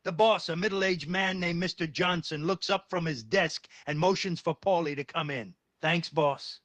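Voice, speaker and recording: A man reading third-person story narration in a steady, even way. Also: high voice, moderate pace, no room sound.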